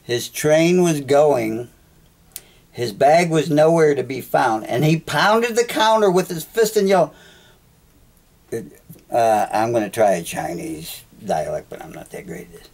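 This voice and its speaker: A man with a gravelly, creaky voice hosts a solo podcast. He rambles in a chatty, joking way and often cuts himself off mid-thought. His pitch sits in a middle range. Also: lively intonation, unhurried, a little mellow. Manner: chatty, jokey, self-interrupting. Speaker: podcast host.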